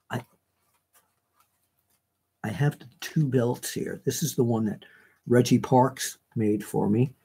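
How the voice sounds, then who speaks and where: A man hosts a live online show, chatting casually and reading viewer comments aloud in a rambling manner full of fillers and self-corrections. His medium-pitched voice is slow, with long pauses.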